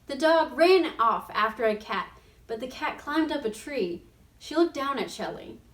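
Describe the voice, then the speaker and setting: A woman reading a children's storybook aloud in an expressive way, for a radio program. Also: high voice, measured pace. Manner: expressive, animated. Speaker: reader of a children's book. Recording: roomy sound from a distant mic.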